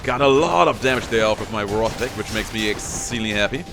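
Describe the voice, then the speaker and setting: Over background music, a young streamer talks through his own gameplay casually and teases enemies in a playful way. His voice is lowish and his pace quick.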